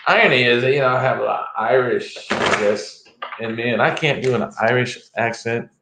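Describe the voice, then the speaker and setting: A man's voice: medium pitch, fairly quick, very noisy. A middle-aged man giving a live tarot reading for viewers, playful and joking between cards. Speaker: tarot reader. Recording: roomy echo.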